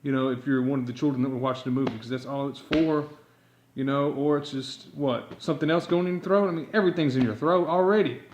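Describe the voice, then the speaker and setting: A man's voice: medium pitch, quick pace, darkish tone, reverberant, slight background noise. A man teaching yodeling in a rambling, improvised monologue, filling his talk with constant fillers. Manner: rambling, packed with "you know" fillers.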